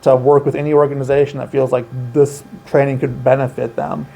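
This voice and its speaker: A man's voice: medium pitch, level tone, brisk, creaky, mellow. A man working as an outreach coordinator, explaining child safety steps in an earnest, emphatic way during an interview. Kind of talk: informational interview.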